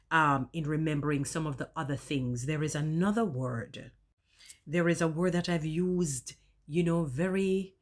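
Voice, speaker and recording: A woman talking casually in a vlog, choosing elaborate words and savouring how she says them. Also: sits low.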